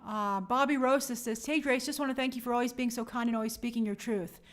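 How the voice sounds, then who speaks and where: High-voiced woman chatting with stream viewers. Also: steady tone. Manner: chatty, apologetic, quick shout-outs to viewers. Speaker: live stream host. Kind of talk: casual live-stream chat reading viewer comments. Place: home in New York City.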